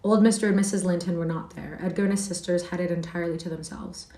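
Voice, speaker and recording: A woman's voice: lowish voice, fairly even intonation, quick pace, mellow, close to an everyday voice. A woman reading aloud as Heathcliff, a wild, defiant boy telling his tale with fierce scorn, heard in a roomy space from a distant mic. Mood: scornful.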